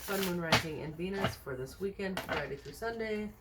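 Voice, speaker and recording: A woman's voice: lowish voice, lively intonation, moderate pace, heavy background noise. A woman doing a casual tarot reading for viewers, thinking aloud with many fillers and rhetorical questions in a chatty, reassuring way. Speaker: tarot card reader.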